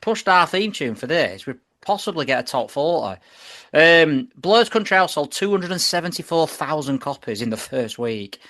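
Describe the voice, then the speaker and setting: Man, forties, animated podcast chat, lively up-and-down voice, fairly high pitch. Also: normal speed. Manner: animated, laughs often, swears casually. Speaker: podcast host. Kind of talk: casual chat.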